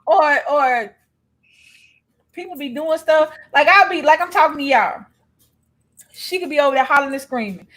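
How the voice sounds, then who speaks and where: Woman cohost, high voice, blunt and cussing, just chatting loose. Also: lively intonation, moderate pace, long pauses, a bit bright. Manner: blunt, profane storytelling with laughs. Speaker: co-host. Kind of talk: casual chat.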